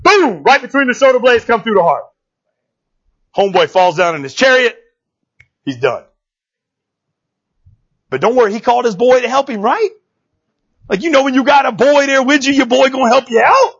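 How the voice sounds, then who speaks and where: Animated high-voiced preacher. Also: male voice, moderate pace, pauses often, husky. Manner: animated, slangy, joking asides with laughs. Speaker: preacher teaching a Bible passage. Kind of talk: casual sermon storytelling. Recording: dull lo-fi recording.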